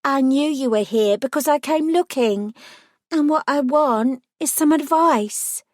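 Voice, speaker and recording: A woman's voice: measured pace, no echo, clean studio sound. A woman voicing a bubbly, lilting young woman. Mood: cheerful. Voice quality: high, lilting, sing-song.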